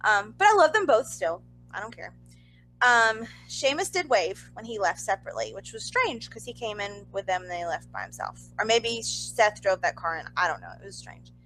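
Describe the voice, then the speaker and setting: A young woman co-hosting a podcast, telling a story in casual chat with animated, exasperated asides. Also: mid-range voice, normal speed, slight background noise, poor audio. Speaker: podcast co-host.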